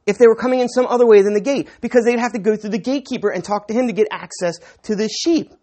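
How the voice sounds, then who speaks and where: A man's voice: high voice, fast, warm tone. A man preaching a sermon to a live audience, teaching conversationally with rhetorical questions and frequent restarts. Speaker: pastor.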